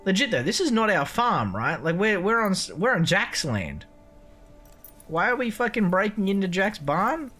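A let's play host who talks over gameplay with swearing and jokes, and taunts the characters on screen. The voice swings widely in pitch, with faint music underneath. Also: big pitch swings, normal speed, sharp tone. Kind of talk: gameplay commentary.

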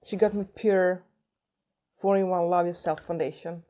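A woman with a cold, chatting excitedly through a beauty unboxing and gushing over each product. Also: lowish voice, moderate pace, a little hiss or hum. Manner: gushing, excitable, repeats herself. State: has a cold. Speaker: beauty vlogger. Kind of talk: unboxing chat.

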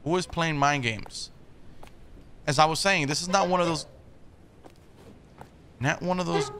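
Gravelly, bright-voiced male gamer. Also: mid-range voice, slight background noise. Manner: jumpy, swearing, nervous joking. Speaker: gaming YouTuber. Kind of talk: horror game let's play commentary.

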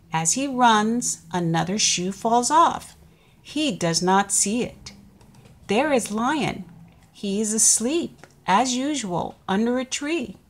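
A woman reading a children's picture book aloud, slow and expressive. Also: mid-range voice. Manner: slow, expressive, sing-song. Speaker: storybook reader.

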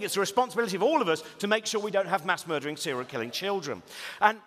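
Comedian, man, lively storytelling, slightly high voice, long hall reverb. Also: quick pace. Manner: animated, acts out voices, rising to loud laughing bursts. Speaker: comedian giving a talk. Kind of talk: comic storytelling talk. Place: stage in a lecture hall.

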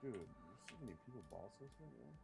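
A man's voice: mid-range voice, animated, fast talker, creaky, over music. A man joining friends over a voice call, chatting in an easygoing, playful way. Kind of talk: casual chat on a call.

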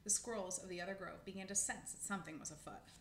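A woman reading a children's book aloud with expressive storytelling. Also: fairly low pitch, fast talker. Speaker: narrator. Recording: echoey room, faint noise.

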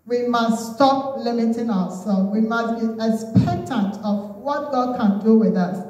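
A Ghanaian woman preaches in a high voice. She stirs her listeners and leans on Amens and Hallelujahs. Her voice rings through a very echoey hall and sounds as if it comes from some way off the mic. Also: a little mellow. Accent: Ghanaian English. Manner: exhorting, call-and-response with Amens and Hallelujahs. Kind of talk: sermon. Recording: very echoey room, voice from far off.

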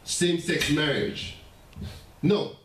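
High-voiced preacher in an echoey church. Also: male voice, slow. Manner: animated preaching, laughing asides, stammering restarts. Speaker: pastor. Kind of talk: sermon. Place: church sanctuary. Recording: echoey church room heard from a distance.

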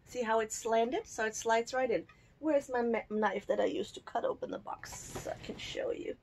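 A woman's voice: a little high, normal speed, a little mellow. Chatty woman cooing over cute things. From Germany. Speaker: unboxing vlogger. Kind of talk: casual unboxing chat.

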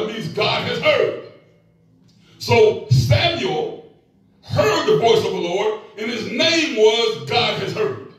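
Taking his time, a middle-aged pastor with a very high-pitched, expressive voice preaches a sermon full of call-and-response and playful asides. The recording has an echoey room sound from a mic set far away.

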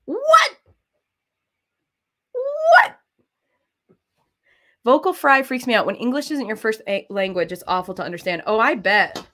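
A woman's voice: medium pitch, fairly quick, fairly bright tone. Chatty woman crafter, talks while she works, wanders off topic easily. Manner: chatty, rambling onto side topics. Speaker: cross-stitch designer and streamer. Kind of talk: casual chat while stitching.

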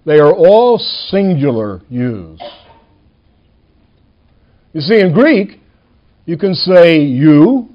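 A man, a pastor, preaching a sermon in a church, stressing single words and slowing down on key lines. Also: fairly high pitch, dull audio.

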